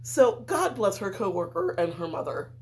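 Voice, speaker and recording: Woman, casual storyteller, chatty, medium pitch, filler words. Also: big pitch swings, moderate pace. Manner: chatty, sprinkles "like" and "um". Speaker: podcast co-host telling a true crime story.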